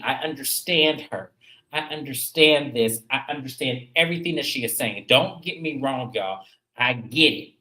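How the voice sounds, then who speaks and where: A woman's voice: low voice, fairly bright tone, rough recording. A woman hosting a reality TV recap in casual commentary, blunt and emphatic, cursing freely and talking straight to her viewers.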